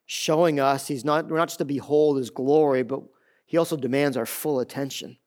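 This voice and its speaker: A middle-aged man, a pastor preaching a sermon in an animated way, acting out the voices of others. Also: mid-range voice, fairly quick.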